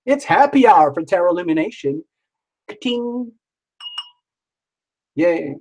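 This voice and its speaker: A man's voice: fairly high pitch, lively intonation, moderate pace, low-quality recording. A man hosting a live tarot stream, who talks playfully and jokes around with sing-song asides. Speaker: tarot reader hosting a livestream.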